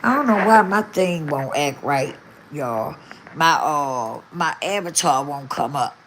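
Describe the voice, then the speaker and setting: A woman's voice: low-pitched, animated, takes it slowly, a bit bright, a little hiss or hum. An older woman talking casually to her viewers, emphatic and repetitive. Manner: emphatic, repeats herself, talks straight to viewers. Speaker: vlogger.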